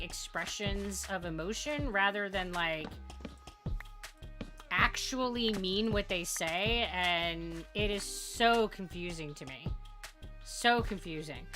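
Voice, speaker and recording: A woman streamer chatting casually with her viewers, telling candid stories and acting out both sides of conversations. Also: on the high side. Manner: candid, animated storytelling with quoted voices. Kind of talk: casual chat.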